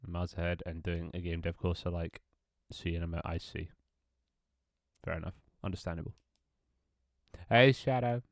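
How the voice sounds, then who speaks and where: A man's voice: low voice, fairly even intonation, normal speed, long pauses, no room sound, clean studio sound. A man with a stuffy, congested nose, rambling and joking casually while streaming his game development work live. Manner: rambling, self-mocking, swears casually.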